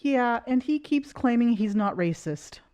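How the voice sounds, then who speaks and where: A woman's voice: a little high, lively intonation, measured pace, dark tone. A woman giving critical, sarcastic commentary over video clips.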